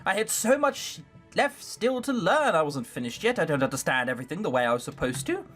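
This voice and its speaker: Soft-spoken wistful young girl, read by a player, lively pitch, faint music under. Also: fairly quick. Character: gentle fallen rich schoolgirl.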